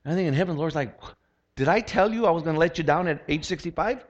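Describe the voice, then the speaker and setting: A man's voice: on the high side, expressive, fast. Older pastor guy preaching casual and jokey, asks the crowd lots of questions, kinda muffled lo-fi sound. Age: 60s. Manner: conversational and humorous, with rhetorical questions. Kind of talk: sermon. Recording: lo-fi dull sound.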